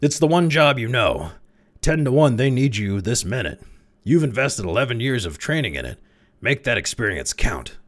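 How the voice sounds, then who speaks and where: A man voicing a young clerk who has turned firm and steady, speaking in clipped, hard lines. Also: low voice, normal speed, heavily acted. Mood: insistent.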